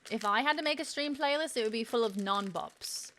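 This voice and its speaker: A woman's voice: on the high side, fairly quick, pushed and bright, a little hiss or hum. A woman streamer chatting casually while she tastes snacks on a live stream, self-mocking and swearing freely.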